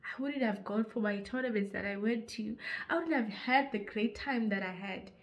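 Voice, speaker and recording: A woman's voice: mid-range voice, normal speed, dull audio. A young woman with a Zimbabwean accent, giving an earnest motivational vlog talk on insecurity. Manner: earnest, preachy, rising to forceful urging. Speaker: YouTuber.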